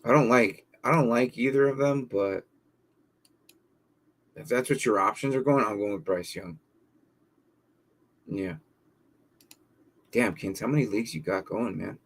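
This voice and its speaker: A man's voice: mid-range voice, unhurried, pauses often. Rambling casual live-stream host, man. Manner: thinks aloud, reading viewer questions, with many fillers and repeats. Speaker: livestream host answering fantasy football questions.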